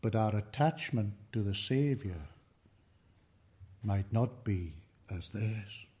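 A man preaching a sermon, slow and emphatic, his voice rising in force on key words and falling away at the ends of sentences. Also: on the low side, expressive, warm tone. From United Kingdom.

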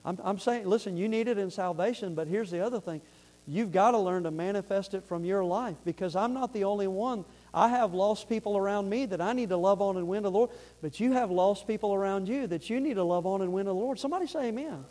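A man's voice: high-pitched, quick pace, darkish tone. A man preaching a fervent sermon, repeating words and asking the congregation if they follow.

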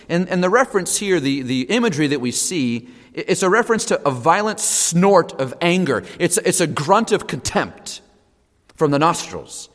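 A man preaching a sermon, emphatic, repeating key phrases and swinging from hushed to loud. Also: a little high. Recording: long hall reverb.

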